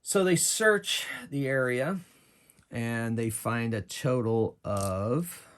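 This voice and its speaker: A man's voice: mid-range voice, lively intonation, slow pace, fairly bright tone, clean tone. A man running and narrating his own solo tabletop game, chatting and thinking aloud about rules and dice rolls.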